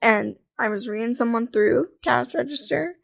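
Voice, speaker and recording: Chatty young woman, bright and close. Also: on the high side, normal speed, creaky, no echo. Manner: chatty, frequent "like" fillers, laughs often. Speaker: podcast guest. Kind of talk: casual conversational interview.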